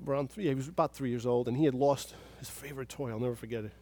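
A pastor delivers a sermon at a racing pace in a medium-pitched voice. He tells stories and shifts between soft, hushed moments and loud, emphatic praise.

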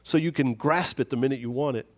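A man's voice: mid-range voice, fast. A man preaching a sermon on forgiveness in a conversational, self-deprecating way, telling a story on himself.

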